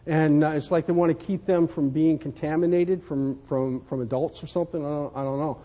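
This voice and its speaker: A pastor with a slightly high voice preaches fairly quickly in a steady tone, telling folksy stories and repeating words as he builds toward fervent emphasis. The recording sounds dull, with a long hall reverb.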